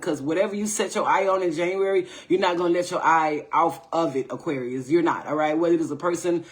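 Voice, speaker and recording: A fairly low-pitched American woman gives a tarot reading over livestream. Playful and full of energy, she swears liberally and punctuates her points with "all right?"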